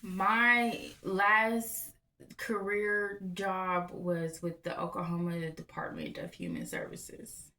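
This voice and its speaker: A woman, telling a personal story in a blunt, profane, animated way. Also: lowish voice, takes it slowly, a little hiss or hum. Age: 30s. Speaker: vlogger. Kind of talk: candid storytelling to camera.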